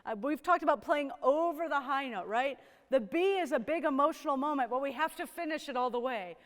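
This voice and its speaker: Coaching young players in a rehearsal room, a woman horn teacher speaks briskly in a high voice, with a long reverb tail around her. She is upbeat and encouraging, frequently checking in with "right?".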